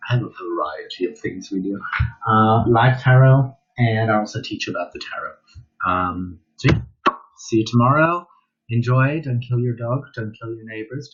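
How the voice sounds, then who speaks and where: A man runs a casual dog training workshop from home, talking straight to the camera in a chatty, offhand way. His voice is husky and sits at a middle pitch. The recording is dull and lo-fi. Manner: chatty, talks straight to the viewer, swears offhandedly. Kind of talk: casual online workshop talk.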